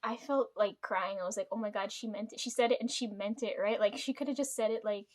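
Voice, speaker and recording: A woman's voice: mid-range voice, quick pace. A woman telling a rambling family story to her camera, swearing often and laughing between thoughts. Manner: rambling, frequent swearing, chatty asides. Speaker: vlogger.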